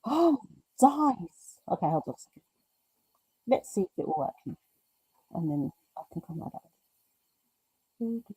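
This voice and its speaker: A British craft streamer chats casually on her live show, reading the chat aloud and talking to herself through tech glitches. Her lowish voice is mellow, husky, and sing-song, a little slow with long pauses, and the audio has no echo.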